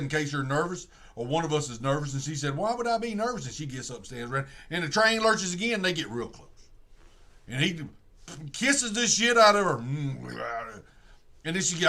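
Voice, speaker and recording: A man's voice: high voice, sharp tone. A man, casually retelling a movie plot in a rambling, drawling way, full of restarts. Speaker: streamer.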